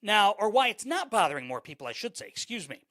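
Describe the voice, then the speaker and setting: A man's voice: sits high, big pitch swings, fast, fairly bright tone, no echo. A man hosting a live sports podcast, rambling with fillers and repeated words and greeting viewers by name as he goes. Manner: greets chat viewers by name mid-thought. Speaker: podcast host. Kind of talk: live-streamed sports talk.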